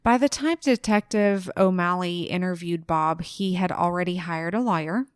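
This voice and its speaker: A woman co-hosting a casual true-crime podcast, telling the case in a relaxed way and laughing easily. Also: lowish voice, normal speed, clear, resonant tone, no room sound, studio quality. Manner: relaxed storyteller, laughs easily, acts out quotes briefly. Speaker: podcast co-host narrating the case.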